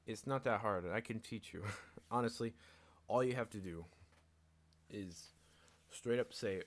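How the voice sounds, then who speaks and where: A man's voice: mid-range voice, normal speed, pauses often, a bit bright. A man streaming alone, ranting bluntly with lots of swearing and laughter, acting out both sides of conversations. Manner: blunt, swearing, laughs often, acts out exchanges. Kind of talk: casual ranting monologue.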